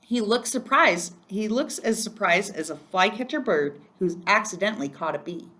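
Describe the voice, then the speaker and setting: A woman's voice: medium pitch, lively intonation, normal speed. Woman reading a children's book aloud. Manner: gentle, storytelling, occasional slips. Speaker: reader.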